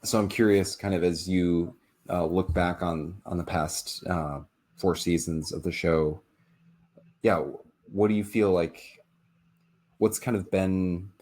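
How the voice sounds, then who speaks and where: A man's voice: low voice, steady tone, slow pace, a little mellow. A man hosting an interview podcast, asking rambling, hesitant questions full of fillers. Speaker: podcast host.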